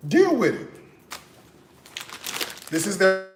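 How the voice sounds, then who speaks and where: A man with a fairly high voice chats playfully about his grocery haul for his cooking channel, tagging his lines with "okay?" His voice bounces around an echoey room. A faint hiss sits under the recording. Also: huge pitch swings, takes it slowly. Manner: chatty, playful, frequent "okay?" tags. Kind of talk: casual grocery haul chat.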